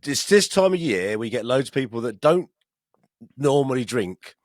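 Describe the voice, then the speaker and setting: Male podcast co-host, mid-pitched voice, rambling and laughing through casual chat. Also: sing-song, normal speed, dry recording, clean studio sound. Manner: rambling, laughing, many restarts. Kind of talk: casual banter.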